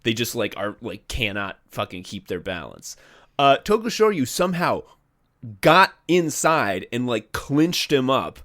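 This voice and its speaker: A man co-hosting a casual podcast, swearing freely as he tells a story. His pitch is middling, but it swings widely up and down as he gets worked up. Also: measured pace. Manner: animated, profane storytelling. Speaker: podcast co-host. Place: separate rooms from co-host.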